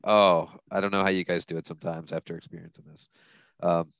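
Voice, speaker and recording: Male podcast host, lowish voice, dry close sound, chuckly and rambling. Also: level tone, a little fast, a bit bright, clear, resonant tone, dry recording, highs cut off. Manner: chuckles often, loose and rambling. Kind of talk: casual sports chat.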